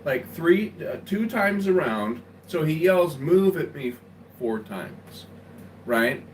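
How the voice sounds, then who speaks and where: A man's voice: on the high side, sing-song, slow, slight background noise. A man livestreaming from his home, telling a rambling personal story in a casual way and often checking in with "right?". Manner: rambling, tags lines with "right?". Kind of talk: casual storytelling to a live chat. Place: at home, indoors.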